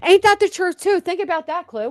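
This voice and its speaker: A woman hosting a casual commentary chat, blunt and profane, mocking people with quick impressions. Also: extremely high pitch, a little mellow, no room sound, studio quality. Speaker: host.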